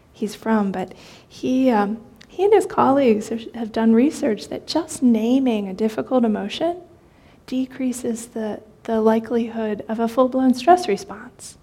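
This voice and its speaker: A woman meditation teacher speaks in a fairly high, mellow voice with a soft, breathy edge. She gives a dharma talk in a gentle, conversational way, often pausing on fillers and restarting her sentences.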